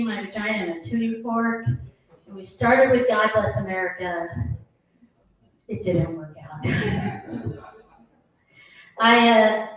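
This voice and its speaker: A middle-aged woman performing a stand-up comedy set, animated, dropping lower to mimic her husband. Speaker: stand-up comic. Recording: roomy echoing venue, mic heard from a distance.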